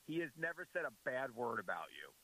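A man's voice: medium pitch, big pitch swings, fast, pushed and bright, rough recording. A man appearing as a guest commentator on a radio show, chatting in a friendly, earnest way. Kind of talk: casual radio chat.

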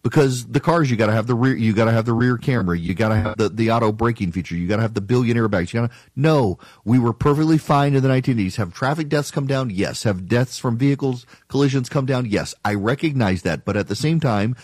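A man in his talk radio chair, laying out his case in a forceful, argumentative way. His voice sits at an ordinary middle pitch, and he jabs at his critics by imitating them. The recording is dry and close, with almost no room sound. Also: fast talker, few pauses, no room sound. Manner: emphatic, argumentative, mock-quotes critics. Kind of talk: opinionated talk radio monologue.

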